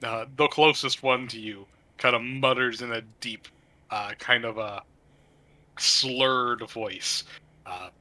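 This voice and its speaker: A man running a tabletop game as game master, narrating in a halting way, full of fillers and restarts. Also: medium pitch, fairly even intonation, bright, forceful tone.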